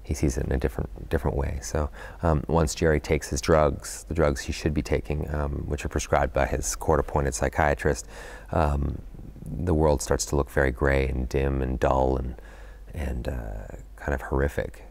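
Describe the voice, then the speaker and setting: A middle-aged actor being interviewed about his film, talking thoughtfully and often pausing to search for words with "you know". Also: very deep voice, flat delivery, vocal fry, a little mellow. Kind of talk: press junket interview.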